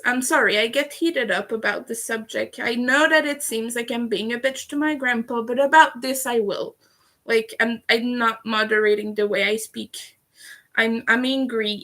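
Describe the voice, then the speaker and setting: A woman's voice: a little high, bright, forceful tone. A young woman chatting candidly on a livestream, heated at times and swearing freely. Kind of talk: casual livestream chat.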